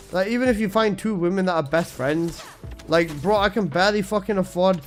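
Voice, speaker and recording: Guy, young, high-pitched voice, crude jokes, gaming stream chat, faint game music behind. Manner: joking, crude, slangy, laughs at own jokes. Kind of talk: casual live-stream chat.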